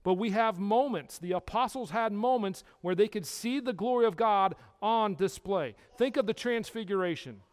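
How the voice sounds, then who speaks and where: Male Bible teacher, high voice, emphatic, asks the room questions, long hall echo. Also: moderate pace, hardly any pauses. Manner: emphatic, with rhetorical questions to listeners.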